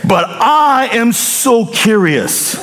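A man preaching a sermon and telling a personal story, in an animated way with high excited bursts. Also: very slow. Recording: long reverb of a large hall.

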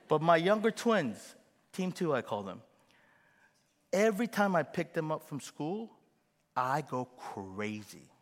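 A middle-aged man preaching a sermon as pastor, animated and acting out quoted voices with gasps. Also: fairly high pitch, big-room sound.

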